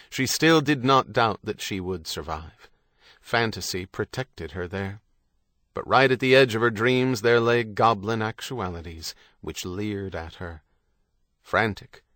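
A man reading a novel aloud as an audiobook narrator, in a measured, even way. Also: on the low side, dry recording, studio quality. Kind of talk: scripted narration.

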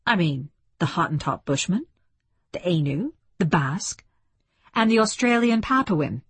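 A woman's voice: on the low side, animated, unhurried, slightly rough, dry recording, heavily acted. A woman voicing a frustrated female linguist who speaks sharply and impatiently.

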